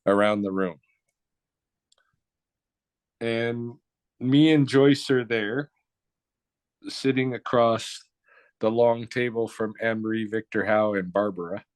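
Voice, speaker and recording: A middle-aged man from the Blackfoot Nation, talking as an interview guest in a blunt, profane, relaxed storytelling way. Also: fairly low pitch, slow, long pauses, clear, resonant tone, no room sound. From Blackfoot Nation, North America. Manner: relaxed, conversational, with short restarts.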